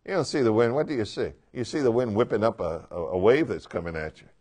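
A man's voice: on the low side, quick pace. A man teaching a Bible class in a conversational way, asking the listeners questions and acting out the quotes. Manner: animated, asks the class questions, acts out quotes.

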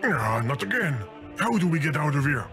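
An actor voicing a fussy, flustered video game that talks, in an exasperated manner. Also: male voice, on the high side, big pitch swings, normal speed. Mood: fretful. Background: game music.

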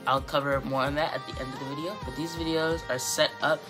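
A woman teaching Japanese in a casual video lesson, rambling a bit, correcting herself and repeating words slowly to demonstrate. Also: deep voice, steady tone, over music.

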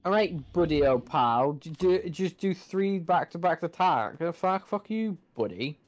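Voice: medium pitch, animated, unhurried. A gamer commentating on their own play, swearing often and complaining in frustration. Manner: swears a lot and vents at the game. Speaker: gamer playing through a game. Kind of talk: gameplay commentary.

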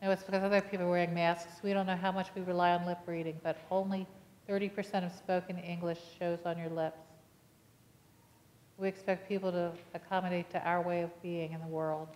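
A woman pastor with a fairly low voice preaches in a church sanctuary, telling stories and acting out the lines of the people in them. Now and then she stops to ask the congregation a question. Her voice rings with the long reverb of the church hall. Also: little pitch movement, fairly quick, a little mellow. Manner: storytelling, acting out dialogue, asking the congregation questions. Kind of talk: sermon.

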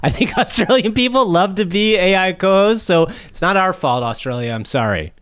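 A man co-hosting a podcast in casual chat, upbeat and joking, quick to laugh. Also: high-pitched, animated, a bit bright, smooth. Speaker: podcast co-host.

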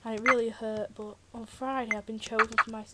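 Brisk and highish-voiced with little pitch movement, a chatty British teenage girl offers casual commentary on her game for a Let's Play. She's jokey and given to rambling asides, with loud keyboard typing and clicks in the background.

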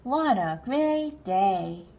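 A woman reading a children's book aloud, slowly and carefully, with lots of expression. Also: mid-range voice, expressive, vocal fry, dark tone, a little hiss or hum. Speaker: storybook reader.

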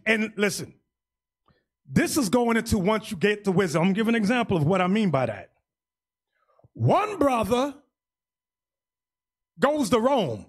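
A man preaching as bishop in an emphatic, loud sermon style. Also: high-pitched, sing-song, normal speed, pauses often. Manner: loud, emphatic, shouting at peaks. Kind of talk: animated sermon teaching.

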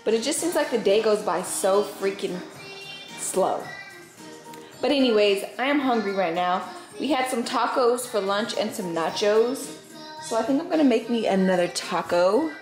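A woman's voice: medium pitch, animated, normal speed, reverberant, faint music behind. A young woman vlogging at home about her twins, chatty and loose, with lots of "like" and "freaking". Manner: chatty, says "freaking" and "like" a lot. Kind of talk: casual home vlog. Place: family home.

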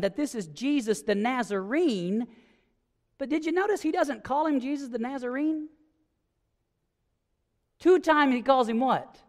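A male pastor with a strikingly high voice delivers a sermon, retelling the scene vividly and rising to ringing, emphatic claims. His words carry a long reverb that lingers through the church sanctuary. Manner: vivid storytelling, acting out scenes.

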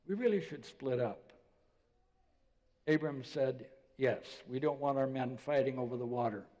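An older man, a pastor, preaching a conversational sermon and dropping to a soft voice when quoting others. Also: mid-range voice. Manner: conversational storytelling preacher, drops to soft voice for quotes. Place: church sanctuary. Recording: long church reverb.

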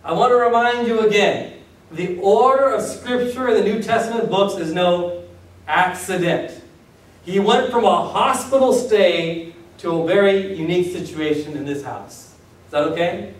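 A high-voiced male pastor preaches to his congregation in a casual, conversational way, acting out little asides and checking in with questions. The sound echoes through a large hall, picked up from some distance off the mic. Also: measured pace. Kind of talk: sermon. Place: church hall.

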